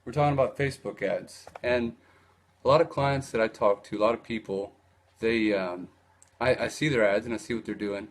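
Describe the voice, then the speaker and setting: A man's voice: lowish voice, normal speed, slight background noise. A man hosting a casual live video on ads, talking loosely with many fillers and restarts. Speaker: host of a live video on online advertising. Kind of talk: casual live-stream talk.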